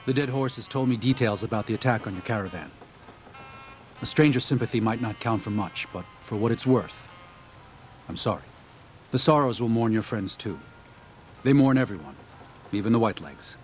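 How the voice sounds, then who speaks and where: Male actor as a gentle, earnest game missionary, low and calm. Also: normal speed, pauses often, soft background music, close to an everyday voice. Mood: sympathetic. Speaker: game character.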